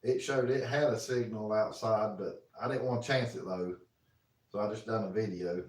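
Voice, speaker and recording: A man's voice: fairly low pitch, moderate pace, a little mellow. Guy chatting on a live stream from his kitchen, easygoing, echoey and a bit far off. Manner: folksy, reads viewer comments aloud, talks to his dog. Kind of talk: casual live-stream chat. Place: home kitchen. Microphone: phone. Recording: roomy, from a distance.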